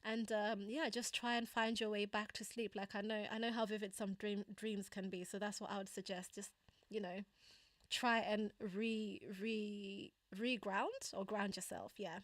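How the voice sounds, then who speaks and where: A young woman with a Kenyan accent hosts a casual live stream, chatting and reading viewer comments as she answers them, laughing often and using lots of fillers. Her voice is medium-pitched and steady at a moderate pace, recorded with studio quality and no room sound.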